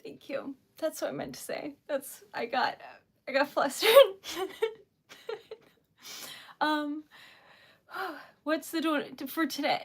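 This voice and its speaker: A woman's voice: sits high, slow pace, long pauses, a bit bright. A woman streaming live and chatting casually, flustered and giggly, laughing through tears and often trailing off mid-sentence.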